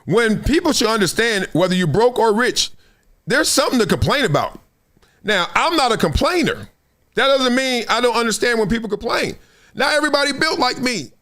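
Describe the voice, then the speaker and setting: A middle-aged man hosting a talk show, telling stories with big high bursts, low asides and frequent laughter. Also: lively intonation, brisk, bright, forceful tone. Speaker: show host. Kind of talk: animated solo commentary.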